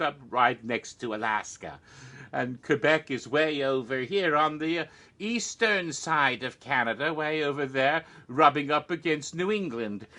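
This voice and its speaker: A man's voice: mid-range voice, bright, forceful tone. A man hosting a casual cocktail-making show, rambling through asides and punning, chuckling at his own jokes with mock alarm.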